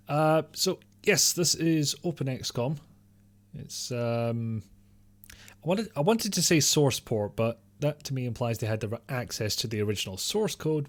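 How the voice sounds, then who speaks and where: A man streaming a game live, rambling casually and answering his chat with the odd mild swear. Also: mid-range voice.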